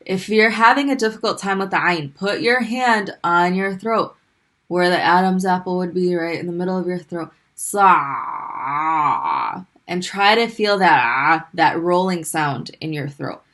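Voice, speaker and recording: Woman teaching, slowly sounding out syllables. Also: fairly low pitch, a bit bright. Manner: patient, drawn-out modeling of sounds between brisk explanations. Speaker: Arabic language teacher. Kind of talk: recorded online language lesson.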